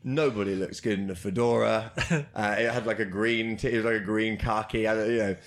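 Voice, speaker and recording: A young man with a lowish voice tells rambling, self-deprecating comedy stories. He laughs as he talks, relaxed and chatty, sitting in a small karaoke box. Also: a little fast. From Britain. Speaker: comedian guest. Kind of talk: casual anecdote-telling chat.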